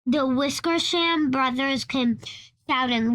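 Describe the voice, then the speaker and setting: A woman's voice: high voice, steady tone, takes it slowly, pauses often, a bit bright. A woman reading a children's storybook aloud, often stumbling and restarting lines. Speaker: storybook reader.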